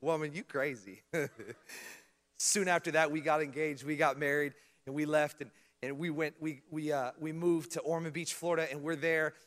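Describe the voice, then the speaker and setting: Bright-voiced preacher telling funny stories. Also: male voice, fairly high pitch, normal speed, long reverb tail. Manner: humorous, animated, laughs at his own stories. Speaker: pastor. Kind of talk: storytelling sermon.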